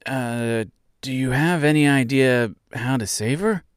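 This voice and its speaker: A man's voice: mid-range voice, unhurried, clear, resonant tone, dry recording, studio quality, pitched above the performer's own voice, lightly acted. A man voicing a sad, lonely male scarecrow in an audiobook, speaking in a hesitant, downcast way. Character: glum male scarecrow, lonely and self-pitying. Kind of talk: audiobook character voice.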